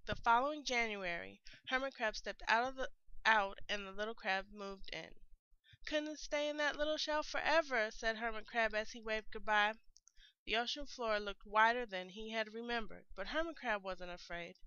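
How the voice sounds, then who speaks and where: A woman reading a children's picture book aloud in a clear, expressive storytelling manner, as a teacher would. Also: medium pitch, moderate pace, dry recording. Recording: dull lo-fi recording.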